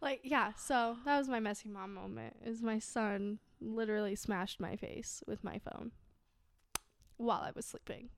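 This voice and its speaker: A woman's voice: a little high, moderate pace, creaky, no echo. A young adult woman co-hosting a casual podcast, telling stories in a chatty way and laughing often. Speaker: podcast co-host. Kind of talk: casual chat.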